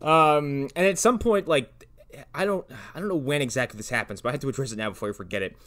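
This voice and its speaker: A man casually roasting an old movie with friends, sarcastic and profane, with deadpan jokes. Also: medium pitch, fast. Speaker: podcast co-host. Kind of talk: casual movie-riffing chat.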